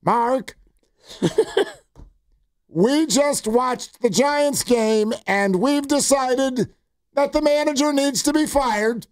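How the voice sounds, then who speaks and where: A blunt old mother in her eighties, pitched well above a man's usual voice and delivering a flat, matter-of-fact verdict, as her son puts her on. The sound is close and dry. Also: very slow, long pauses, no room sound, full character voice. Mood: deadpan.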